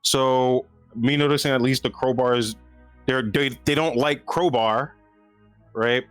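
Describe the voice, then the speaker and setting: A man's voice: medium pitch, steady tone, measured pace, fairly bright tone, clear, resonant tone, no echo, soft background music. A man playing a tabletop game, chatting in a casual, rambling way and laughing easily. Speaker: player.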